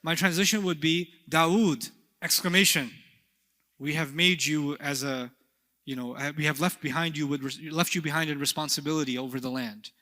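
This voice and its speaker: A man teaching an Arabic grammar class, animated and playful, often asking his students questions. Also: a little high. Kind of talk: classroom lecture. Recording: long hall reverb.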